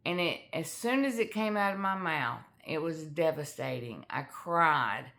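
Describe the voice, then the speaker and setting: A middle-aged woman telling a personal family story in a candid, halting way with many fillers. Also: deep voice, lively intonation, fairly bright tone. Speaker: author sharing her life story.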